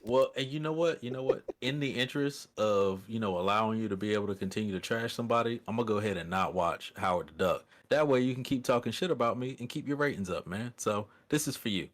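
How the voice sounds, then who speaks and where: A man's voice: lowish voice, fast, hardly any pauses. A man co-hosting a casual podcast from his laptop, easygoing and wry in his banter. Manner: laid-back, easygoing, wry. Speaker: podcast co-host. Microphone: built-in laptop mic.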